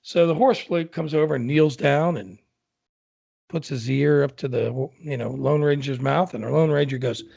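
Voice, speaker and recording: A man co-hosting a podcast who tells jokes in a rambling, halting way with lots of fillers. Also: a little high, vocal fry, a little mellow, highs cut off. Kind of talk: casual chat and joke telling.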